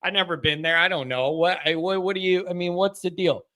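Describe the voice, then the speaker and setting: A man's voice: high voice, fairly even intonation, fairly quick, pushed and bright. A man hosting a call-in show, chatting casually and frankly, often saying "man".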